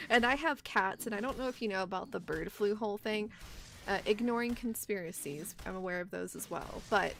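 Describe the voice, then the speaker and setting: A young woman livestreams a game, chatting casually, telling stories, laughing often and swearing a lot. Her creaky voice sits at medium pitch and moves at normal speed, with slight background noise.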